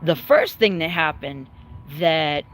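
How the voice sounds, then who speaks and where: A woman chatting casually to her viewers from home, rambling and candid, swearing freely, emotional yet calm. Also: low-pitched, slow. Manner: emotional but calm, choked up at times. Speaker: livestreaming vlogger. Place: at home, dogs in the yard nearby.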